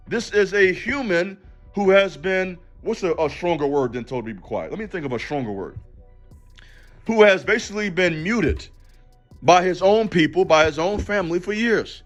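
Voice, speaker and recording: Man, passionate commentary monologue, emphatic, slangy, a little high-pitched. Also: animated, moderate pace, soft background music. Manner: emphatic, preachy, slangy and direct. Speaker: YouTube commentator and counselor.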